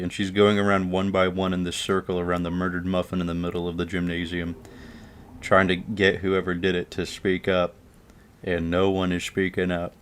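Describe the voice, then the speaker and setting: A man's voice: low voice, flat delivery, moderate pace, clean tone. A man casually telling a funny story from his school days, loose and profane, laughing along. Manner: loose and profane, chuckling through the tale.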